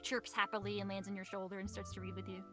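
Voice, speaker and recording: A woman running a tabletop game as game master, relaxed and joking with the players. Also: mid-range voice, quick pace, over music.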